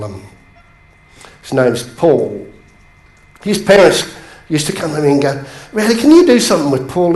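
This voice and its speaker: A man coaching a seated audience in a motivational bootcamp talk, telling stories with sudden rises in pitch for emphasis. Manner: animated storytelling, pitch jumps up for emphasis. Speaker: business coach. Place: training room with a live audience. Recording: echoey room.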